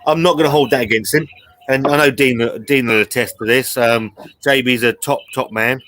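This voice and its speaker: A man's voice: medium pitch, steady tone, normal speed, a bit bright, slight background noise. A man hosting a casual live stream, bantering in a laid-back way and swearing. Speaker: host.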